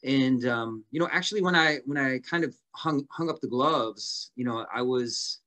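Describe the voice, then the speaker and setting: A man's voice: mid-range voice, normal speed, hardly any pauses, pushed and bright. A man as a podcast guest, telling long stories casually with many fillers and restarts. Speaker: guest fighter.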